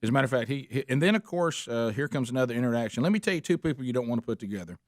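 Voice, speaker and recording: A man hosting a radio talk show, telling lively anecdotes and acting out quotes. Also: mid-range voice, racing, no room sound, studio quality. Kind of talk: casual morning-show storytelling.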